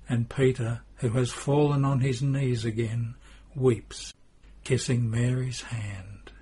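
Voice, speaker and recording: Slow, husky male storyteller. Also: mid-range voice, fairly even intonation, mellow. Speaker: narrator.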